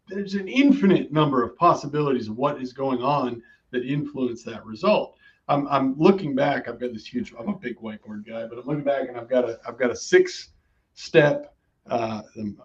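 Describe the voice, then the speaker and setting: A man's voice: medium pitch, dull audio. A man on a conversational podcast, explaining his points emphatically, step by step.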